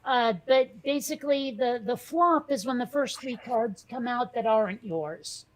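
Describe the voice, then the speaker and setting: Her voice fairly high and her pace unhurried, this woman co-hosts a laid-back podcast conversation. She comes from a Catholic Italian family and talks in a rambling, chatty manner, hesitating often with fillers and restarts.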